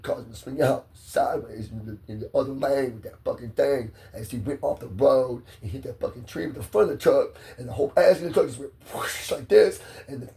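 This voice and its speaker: A man's voice: medium pitch, brisk, creaky, few pauses, dark tone, distant mic. A man telling a long, profane, rambling story, laughing at his own tale and swearing constantly.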